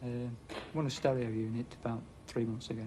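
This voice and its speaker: A man's voice: medium pitch, little pitch movement, brisk, warm tone, a little hiss or hum, rough recording. A man competing on a TV game show, answering the host modestly with a dry sense of humour. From England (Midlands). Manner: modest, dryly humorous. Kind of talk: studio chat with a host.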